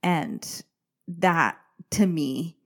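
A woman in her forties hosts a solo podcast in a low, animated voice, stretching her words out. She chats casually, pokes fun at herself, and laughs often.

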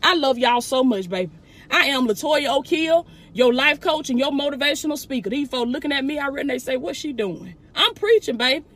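A woman's voice: sits high, brisk, fairly bright tone. A woman with a Southern US accent, a motivational speaker preaching fervently to online viewers from inside a truck, calling them "baby" and praising God. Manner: fervent preaching, calls listeners "baby", exclaims "glory be to God". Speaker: motivational speaker and life coach.

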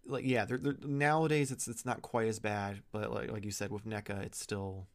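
A man's voice: fairly low pitch, flat delivery, normal speed. A man co-hosting a podcast in casual chat, often stammering and repeating words as he starts a thought. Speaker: podcast co-host.

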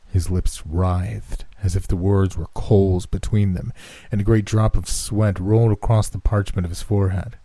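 A man narrating a horror story in a slow, measured way. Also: deep voice, flat delivery, warm tone, dry recording.

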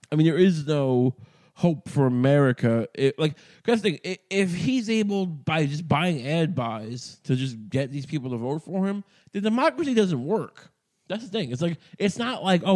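With a slightly high, warm voice, a New York man hosts a podcast and launches into a casual rant. It rambles, turns profane and sardonic, and restarts frequently.

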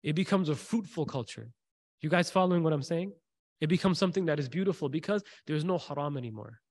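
A slightly high-voiced man leads a Quranic commentary class. He preaches in a lively, conversational way and slips into quick Arabic recitation. The sound is close and dry. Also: no room sound. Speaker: religious teacher.

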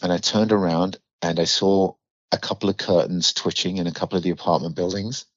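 Give me a deep British man as a podcast guest, candid and vivid, on a dry, muffled recording. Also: steady tone, a little fast, dry recording. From United Kingdom. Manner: vivid blunt storyteller, swears freely, acts out quoted lines. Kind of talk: candid storytelling in a podcast interview. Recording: slightly dull dry recording.

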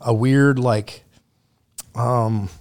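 A male podcast guest chats loosely and casually, telling his stories bluntly and swearing a lot. His pitch is ordinary and middle, his tone steady and a little mellow, and he talks extremely slowly.

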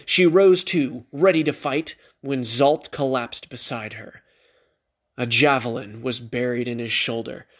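A male storyteller reading a fantasy tale aloud at an unhurried pace. His reading is measured and dramatic, with a mid-range voice. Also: mid-range voice, fairly even intonation.

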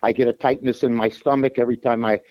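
Speaking at a quick pace with a steady, medium-pitched tone, this Chicago sports radio host and handicapper joins a call-in show from his parked car. He talks sports bluntly and casually, with plenty of fillers and restarts, over muffled audio.

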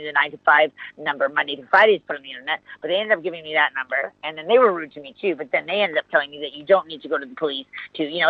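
A woman's voice: low voice, dry recording. A woman hosting a call-in radio show, telling a story in a rambling, agitated way with lots of swearing, fillers and restarts. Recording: tinny phone-line sound.

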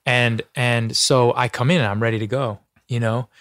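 Earnest male actor guest, heartfelt, halting, dry studio mic. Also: medium pitch, fairly even intonation, a bit bright, dry recording. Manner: earnest, heartfelt, full of restarts and "you know". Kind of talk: casual interview talk.

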